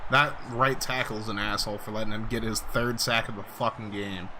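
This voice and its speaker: A man's voice: on the low side, steady tone, a little fast, background noise. A young man streaming a football video game, chatting bluntly and profanely with lots of fillers. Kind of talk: casual live-stream chat and game reactions.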